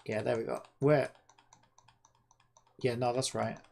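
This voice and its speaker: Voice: medium pitch, little pitch movement, slow pace, vocal fry, darkish tone. A game developer talking to themself while working, muttering and swearing in frustration at the screen. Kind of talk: casual self-talk while coding.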